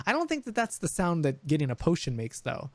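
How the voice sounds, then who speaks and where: A man's voice: a little high, wildly swooping pitch, a little fast, no room sound. A young man running a tabletop game as dungeon master, chatting casually with many fillers and restarts. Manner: rambling, frequent fillers and restarts. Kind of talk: casual chat over voice call.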